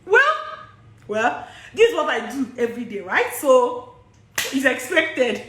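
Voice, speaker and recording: Speaking slowly with long pauses and big swings in pitch, a high-voiced woman with a Nigerian accent answers study abroad questions during a live social media Q&A. Her voice is pushed and bright, she laughs often and repeats herself chattily, and the recording sounds roomy.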